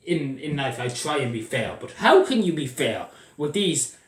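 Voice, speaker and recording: This Irish vlogger is in the middle of an angry political rant, swearing freely and going back over the same points again and again. He is very animated, speaking at a moderate pace, and his pitch shifts a lot as his anger rises. The mic sits at a distance, so he sounds slightly off-mic in an echoey room.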